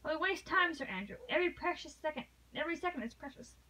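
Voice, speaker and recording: A woman's voice: sits high, lively intonation, quick pace, bright, forceful tone, recorded from a distance, voice pushed up, low-quality recording. A woman voicing a noble English lady who pleads with passion, read aloud from a novel. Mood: pleading. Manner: impassioned, pleading.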